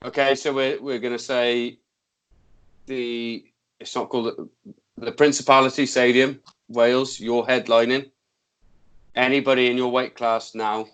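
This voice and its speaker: A man's voice: mid-range voice, flat delivery, unhurried, a bit bright, clean tone. A man co-hosting a podcast, asking questions in casual chat and often restarting his sentences.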